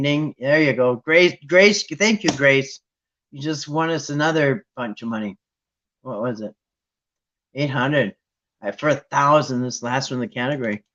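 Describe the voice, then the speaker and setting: A man hosting a Bible trivia game with viewers, chatting casually and thinking aloud with restarts and sudden excited jumps. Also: fairly high pitch. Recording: dull lo-fi sound.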